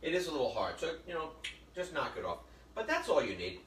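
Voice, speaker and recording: A man's voice: fairly high pitch, wildly swooping pitch, quick pace, a bit bright, a little hiss or hum. A middle-aged man hosting a casual cooking demonstration in a kitchen, chatting and joking with viewers and telling stories as he works. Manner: chatty storyteller, jokey asides to viewers. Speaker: cooking show host. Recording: echoey room from a distance, faint ambience.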